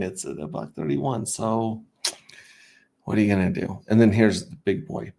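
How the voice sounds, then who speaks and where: A man's voice: lowish voice, steady tone, normal speed, creaky, mellow. A man hosting a casual crypto livestream, talking through charts in a rambling, self-interrupting way with wry asides.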